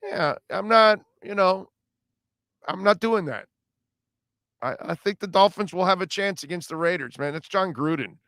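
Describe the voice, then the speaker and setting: A man hosting a live sports talk radio show, reading listener comments and reacting in an animated, emphatic way, often repeating himself. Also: high-pitched, moderate pace, no room sound, clean studio sound. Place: radio studio.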